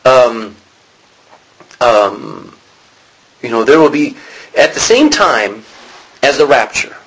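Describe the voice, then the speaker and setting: This man speaks slowly, his medium-pitched voice husky, and the recording quality is low. Teaching a casual Bible study, he animatedly acts out the passages he quotes and keeps asking the class questions.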